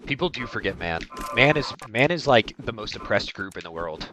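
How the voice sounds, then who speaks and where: A man's voice: on the low side, sing-song, normal speed, few pauses, heavy background noise. A man streaming a speedrun, chatting casually with his live chat and reading messages aloud. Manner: reads chat aloud, hums and scats to himself.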